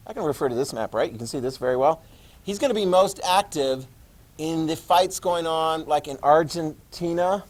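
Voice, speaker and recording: A man teaching a history class, animated, asking his students questions and answering them himself. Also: fairly high pitch. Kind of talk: classroom lecture.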